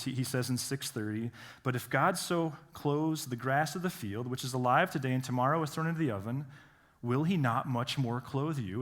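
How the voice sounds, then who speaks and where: Conversational male pastor preaching. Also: medium pitch. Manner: conversational, restarts and rhetorical questions, animated quotes. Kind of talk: sermon. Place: church hall.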